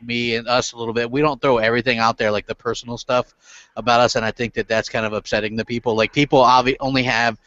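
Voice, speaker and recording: Bright-voiced laughing podcast guy. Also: mid-range voice, level tone, fast, dry recording. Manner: laughs often, loose filler-heavy talk. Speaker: podcast co-host. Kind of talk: profane casual chat. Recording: dry, dull lo-fi audio.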